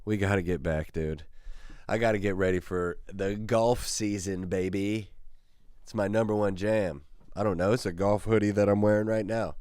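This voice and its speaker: A man's voice: fairly low pitch, steady tone, moderate pace, darkish tone, clean tone, dry recording, studio quality. A man hosting his own show, telling a rambling, self-mocking story that gets him worked up. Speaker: podcast host. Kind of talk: casual storytelling monologue.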